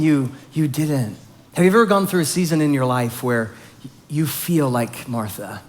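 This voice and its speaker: A man teaching a Bible study, reading scripture softly and explaining it in an earnest, conversational way. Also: a little high, sing-song, measured pace.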